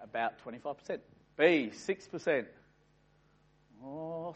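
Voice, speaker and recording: An Australian man hosts a quiz for a live room of people, bantering playfully and teasing them as he goes. His voice is on the high side and husky, with big pitch swings, an unhurried pace and frequent pauses. The recording is muffled and lo-fi.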